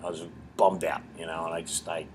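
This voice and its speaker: A middle-aged man with a lowish voice who tells his stories in a crude, self-mocking, animated way. He talks as a comedy club owner and comedian being interviewed at an open mic night in a bar. A faint room ambience hums behind him. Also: fairly quick, slight background noise. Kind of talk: storytelling in an interview.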